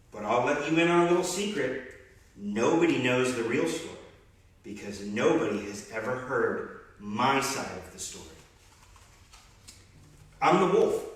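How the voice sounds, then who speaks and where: A man's voice: mid-range voice, fairly bright tone, recorded from a distance. A man reading as a wolf telling his own side of a children's story in a chatty, conversational way. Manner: conversational first-person storytelling. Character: grown male wolf, chatty, self-justifying. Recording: very echoey room, off-mic.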